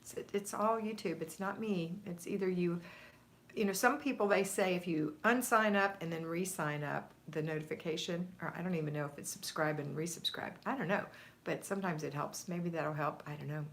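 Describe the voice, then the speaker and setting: A woman's voice: lowish voice, a little fast, a bit bright. An American woman hosting a home-organizing livestream, chatting casually and greeting viewers by name, a little out of breath. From United States. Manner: chatty, reads viewer comments aloud and greets them by name. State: slightly out of breath.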